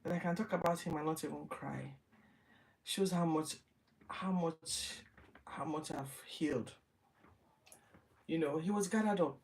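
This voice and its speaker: A woman's voice: sits low, a little slow, pauses often, far from the mic. A woman hosting a Bible reading show, retelling scripture casually and acting out the quotes with animation. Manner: animated, acts out quotes in lively voices. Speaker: Bible reading podcast host.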